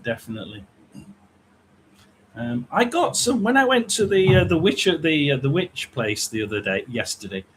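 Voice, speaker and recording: A middle-aged man talks loosely and casually to his livestream viewers, rambling from one thought to the next. His voice sits a little high for a man. A faint hum runs behind him. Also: sing-song, moderate pace, fairly bright tone, low-quality recording. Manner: rambling, chatty, reads out viewer names. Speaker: psychic livestream host.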